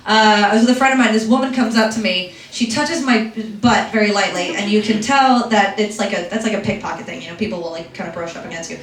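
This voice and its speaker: A young woman from Philadelphia telling a stand-up story in a chatty, self-deprecating way, with quick asides. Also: medium pitch, a little hiss or hum. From Philadelphia, USA. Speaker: stand-up comedian. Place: comedy club stage. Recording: echoey room, distant mic, audience laughter.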